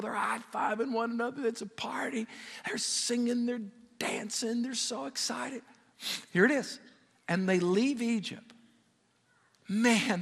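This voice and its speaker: High-voiced preacher in a reverberant hall. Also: male voice, gravelly, husky. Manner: animated storytelling with jokes. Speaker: pastor. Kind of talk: sermon.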